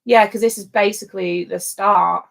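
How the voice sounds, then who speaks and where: A woman's voice: mid-range voice, fairly even intonation, moderate pace, gravelly, fairly bright tone. A woman co-hosting a livestream in casual, rambling chat. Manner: chatty and rambling. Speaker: livestream co-host.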